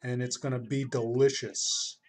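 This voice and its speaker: Laid-back husky-voiced man rambling. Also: mid-range voice, little pitch movement, moderate pace. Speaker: streamer. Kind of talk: casual chat while drawing on stream.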